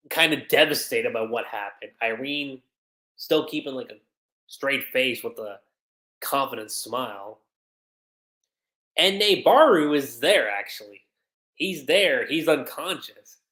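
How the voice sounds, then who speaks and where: An anime reviewer hosting a livestream, recapping an episode in an excitable, animated way with lots of fillers. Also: mid-range voice, slow pace, pauses often. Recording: roomy echo.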